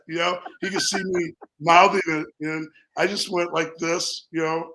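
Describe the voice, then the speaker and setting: A man's voice: a little high, unhurried, poor audio. A man from Minnesota, a company founder, telling a rambling story in a casual interview and acting out what people said. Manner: animated, rambling, acts out quotes.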